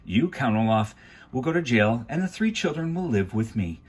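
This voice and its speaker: A man lifting his husky voice to play a fair-minded woman judge from a storybook, speaking in careful, measured tones. Her delivery is deliberate and a touch higher than the reader's own low voice. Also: sing-song. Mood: indignant, warm.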